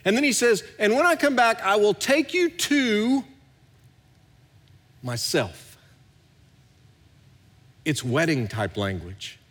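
Middle-aged pastor preaching, voice a bit high, big echoey church hall. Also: male voice, slow, long pauses. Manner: animated preaching, swinging from hushed to loud. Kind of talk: sermon. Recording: long hall reverb.

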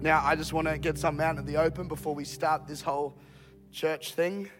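Hoarse, high-voiced preacher man. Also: brisk, over music. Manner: energetic, joking, bursts into loud exclamations. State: hoarse, losing his voice. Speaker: guest preacher. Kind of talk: sermon. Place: church stage before a congregation.

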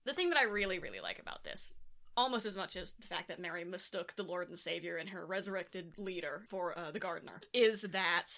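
Bright-voiced sarcastic woman podcast host. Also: fairly low pitch, brisk, creaky. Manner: sarcastic, reads scripture aloud with jokes. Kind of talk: casual comedic chat.

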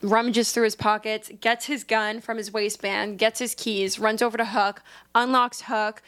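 Excitable young woman, profane retelling. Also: a little high, moderate pace, smooth. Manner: animated retelling, profane, acts out characters. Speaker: podcast co-host. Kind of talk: casual book review chat.

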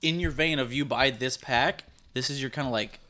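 A man's voice: medium pitch, normal speed, bright, forceful tone. A young man co-hosting a podcast in casual chat, often stammering and restarting his sentences. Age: young adult. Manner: stammering, restarts mid-thought. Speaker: podcast co-host. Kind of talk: casual chat reviewing drinks.

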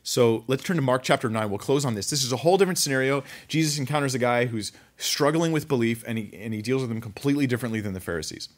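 A man preaching a conversational sermon, reading scripture aloud and commenting with animated asides. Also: medium pitch, fast talker, few pauses. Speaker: pastor.

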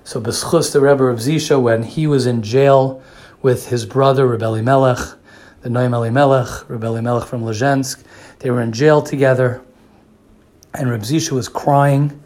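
A man's voice: medium pitch, steady tone, moderate pace, darkish tone. A man giving a sermon who repeats phrases for emphasis and often restarts his sentences. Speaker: religious speaker.

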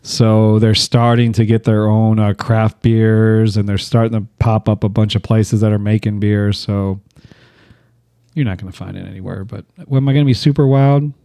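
A man with a low, warm, mellow voice who chats in a relaxed way. He tells easygoing stories and laughs at them himself, and the recording is dry and close. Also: normal speed, smooth, no room sound. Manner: laid-back, laughs at his own stories. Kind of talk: casual chat, storytelling.

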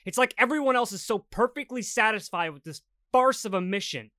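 A man's voice: high-pitched, expressive, a little fast, bright, forceful tone, dry recording, studio quality, voice pushed up. A man voicing a furious, miserable young airman who rants bitterly in an audiobook. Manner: angry ranting, swearing. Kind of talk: audiobook dialogue.

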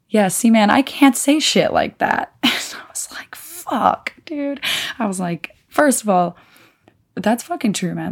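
A young woman hosts her own podcast and tells a rambling story full of swearing and laughter. Her voice sits at an everyday pitch for a woman. It carries a lot of vocal fry. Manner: profane, rambling, laughs often. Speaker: podcast host. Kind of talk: casual storytelling monologue.

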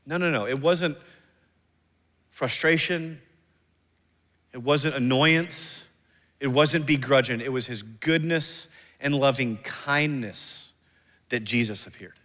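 A man in his thirties preaching a sermon as pastor, emphatic, slowing down and dropping soft on key phrases. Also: mid-range voice. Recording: long reverb of a large hall.

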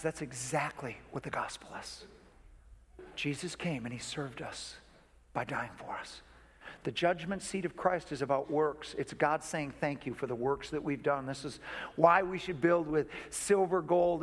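A pastor delivers an emphatic, earnest sermon, mixing teaching with personal stories. His voice sits fairly high for a man and carries a long reverb from a large hall. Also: husky. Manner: earnest, emphatic preaching with storytelling.

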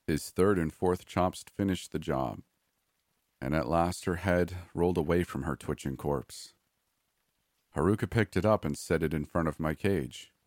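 A man narrating a first-person horror story in a measured, grim way. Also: a bass voice, no room sound, studio quality.

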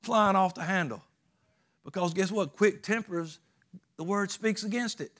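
A man delivers a sermon in a folksy, emphatic way. His voice sits a bit higher than most men's, and his rural turns of phrase give the preaching a homespun punch. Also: unhurried, fairly bright tone.

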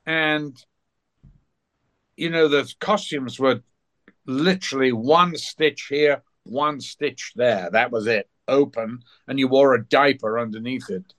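An older man, an actor being interviewed, telling anecdotes at an unhurried pace and briefly acting out other people's voices. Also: mid-range voice, a bit bright. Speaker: actor guest. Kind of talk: anecdotal storytelling.

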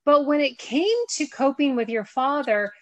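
A woman's voice: high voice, moderate pace, no room sound. A woman hosting a podcast, talking earnestly in a rambling, conversational way. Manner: earnest, rambling, backs up and restarts. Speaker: podcast host.

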